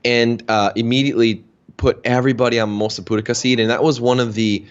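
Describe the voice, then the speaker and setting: A man's voice: medium pitch, steady tone, fast talker, highs cut off. A man casually telling a long personal story in an interview, chatty and full of fillers. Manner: chatty, anecdotal, many fillers. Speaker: health practitioner.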